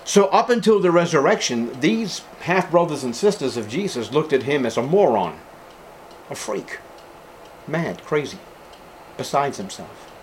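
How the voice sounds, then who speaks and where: A pastor preaching a sermon in a church service, a man with a somewhat high voice. He is emphatic and deliberate, hammering on repeated words and addressing the congregation as beloved. A faint hiss sits under his voice. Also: big pitch swings.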